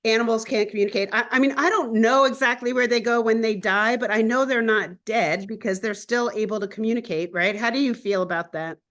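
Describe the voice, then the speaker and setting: Woman host telling animated stories. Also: on the high side, brisk, few pauses. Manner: animated storytelling, laughs often. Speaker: host and astrologer. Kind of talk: casual conversational interview.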